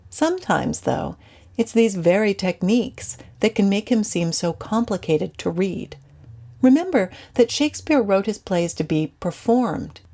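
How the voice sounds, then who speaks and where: Woman, teacher, scripted classroom lecture, measured clear delivery, mid pitch. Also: dark tone.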